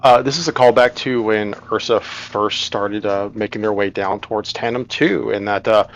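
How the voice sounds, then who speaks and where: A man's voice: fairly low pitch, fairly even intonation, normal speed. A man playing in a tabletop role-playing game, describing his character's actions in a loose way, playfully repeating himself. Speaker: player.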